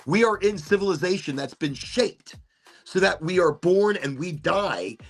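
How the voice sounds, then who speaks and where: A man's voice: high voice, expressive, unhurried. A man hosting a podcast, musing aloud in a rambling, casual monologue and swearing now and then. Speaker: podcast host.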